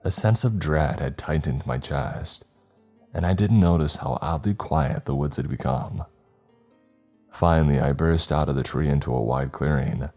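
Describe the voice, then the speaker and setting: A man narrating a horror story in a measured, ominous way. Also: extremely low pitch, warm tone, faint music behind.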